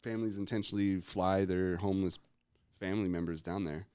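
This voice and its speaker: A man's voice: deep voice, steady tone, brisk, darkish tone, clear, resonant tone, no room sound, clean studio sound. A young adult married man co-hosting a podcast in casual chat, laid-back and profane, laughing often. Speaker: podcast co-host.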